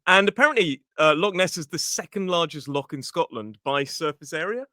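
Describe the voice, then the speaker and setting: A British man hosting an English-learning podcast, chatting casually and explaining vocabulary clearly. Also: fairly high pitch, animated, fairly quick, bright, forceful tone, no room sound, studio quality. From England. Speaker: podcast host and English teacher. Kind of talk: casual educational podcast chat.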